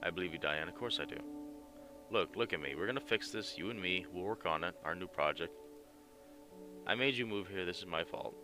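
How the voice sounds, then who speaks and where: A man voicing a remorseful young man who speaks softly and soothingly, with game music underneath. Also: sits low, a little fast, lightly acted.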